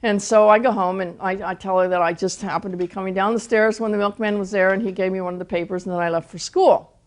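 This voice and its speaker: A woman's voice: medium pitch, fairly even intonation, fast talker. An older woman, a Christian teacher, telling a personal testimony in a storytelling way, often restarting her words.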